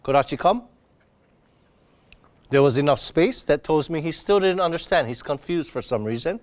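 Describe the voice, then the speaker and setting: Guy walking you through dog drills, patient and plain, voice a bit on the high side. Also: fairly quick. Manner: patient, explains each step while working the dog; bursts into high excited praise for the dog. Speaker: dog trainer. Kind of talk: hands-on training demonstration.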